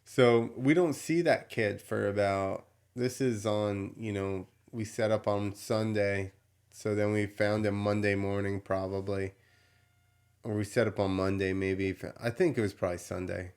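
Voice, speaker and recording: Lowish-voiced man telling a rowdy story. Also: measured pace, smooth. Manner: animated, profane, laughs while telling stories. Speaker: podcast host. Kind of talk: casual storytelling.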